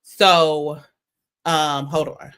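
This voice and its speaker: A woman with a low voice hosts a casual commentary show. She reads messages aloud and reacts with candid, animated remarks, laughing often between her points. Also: drawn-out words, clear, resonant tone. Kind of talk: casual commentary on social media drama.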